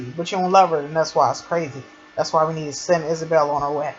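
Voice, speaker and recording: A woman's voice: low voice, fairly even intonation, fast, faint music behind. A woman giving a casual, gushing fan recap of a TV drama episode. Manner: chatty, gushing fan retelling of scenes. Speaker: TV episode reviewer. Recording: dull lo-fi sound with faint noise.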